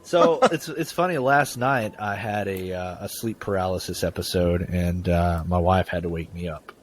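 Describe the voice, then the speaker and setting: A man's voice: low-pitched, moderate pace, a little hiss or hum. A man hosting a podcast who chats casually and reads a story aloud, often stumbling and repeating words. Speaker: podcast host. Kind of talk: casual chat and story reading.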